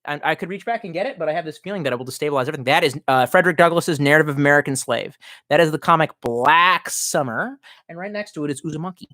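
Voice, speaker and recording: A man's voice: on the high side, very fast, pushed and bright, no room sound. A man rambling through a casual live stream, swearing freely and reacting to viewer comments as he goes. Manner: profane, rambling, reacts to chat.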